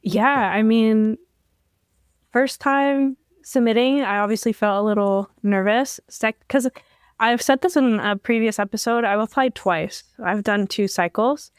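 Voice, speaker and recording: Smooth-voiced young woman, eager storyteller. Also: a little high, a little slow, no room sound, clean studio sound. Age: young adult. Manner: enthusiastic, storytelling with many fillers. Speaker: podcast guest, incoming law student. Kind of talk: casual interview talk.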